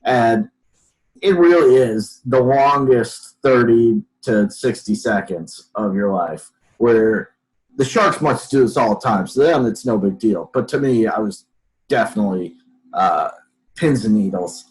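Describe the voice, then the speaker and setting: A man's voice: mid-range voice, a little slow, low-quality recording. A man telling a story as a podcast guest, acting out other people's lines as he goes. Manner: animated storyteller, acts out quotes. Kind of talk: storytelling in a casual interview.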